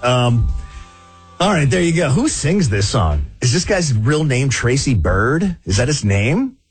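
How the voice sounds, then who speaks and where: Male morning-radio host, lively and jokey, a rambler. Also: medium pitch, measured pace, husky, no room sound, faint music behind. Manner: chatty, joking, rambling. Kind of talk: morning radio call-in banter.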